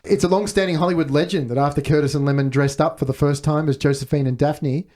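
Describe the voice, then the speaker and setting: A man hosts a casual movie podcast in a slightly high, a little mellow voice, talking fast with a steady tone. He leads the group with questions and reads out trivia.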